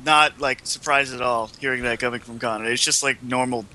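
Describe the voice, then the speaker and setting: A man's voice: mid-range voice, fairly even intonation, brisk, a crowd in the background, poor audio. A man co-hosting a casual comedy show, teasing and sarcastic with blunt jabs.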